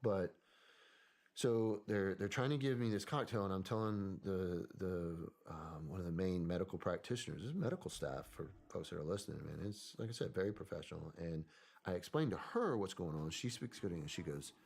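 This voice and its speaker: A man, a podcast guest, telling a personal story in a soft-spoken, hesitant way that often trails off. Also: deep voice, brisk, gravelly.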